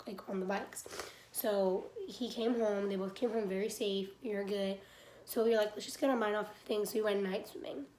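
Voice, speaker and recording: A woman's voice: medium pitch, darkish tone, a little hiss or hum. A young woman recounts a frightening night in a loose, rambling storytime voice, filling nearly every phrase with "like." Her nose sounds stuffy, and her voice rings in a noticeably echoey room. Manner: rambling, heavy use of "like". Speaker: vlogger. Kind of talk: casual storytime.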